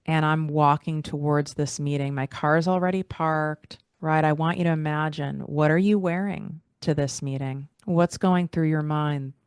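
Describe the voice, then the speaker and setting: A woman with a low voice hosts a motivational podcast and talks the listener through a guided visualization. She keeps asking questions in an encouraging tone. The recording is dry and close, with no room sound. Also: fairly even intonation, a little slow, few pauses, a little mellow, smooth, dry recording. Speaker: podcast host.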